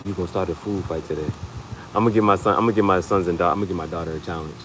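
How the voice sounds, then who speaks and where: A young man with a lowish voice riffs through a casual comedy chat, laughing as he tells stories. He keeps jumping into high-pitched acted quotes of other people. A faint steady hum sits behind him. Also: very fast, poor audio. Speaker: podcast host.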